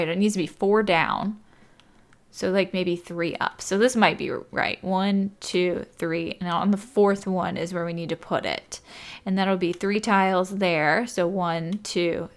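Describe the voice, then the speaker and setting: A woman with a mid-range, slightly bright voice chats through a game as a gaming YouTuber doing casual let's-play commentary. She thinks aloud, counts tiles, and is apologetic and talkative.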